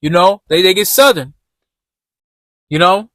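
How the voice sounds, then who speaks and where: Vlogger, male, high voice, slangy and repetitive, talking to camera from a car, dry close sound. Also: lively intonation, a little slow, a bit bright, dry recording. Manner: loose, repetitive street slang, addresses viewers as y'all. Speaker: vlogger giving job-interview tips. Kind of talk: casual talk while driving.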